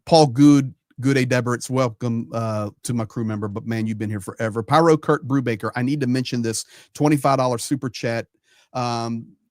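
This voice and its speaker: A man's voice: medium pitch, darkish tone, dry recording. Guy hosting a livestream, reading out chat names, rambly and casual, dry close sound. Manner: chatty, rambling, reads out names with quick asides. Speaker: livestream host.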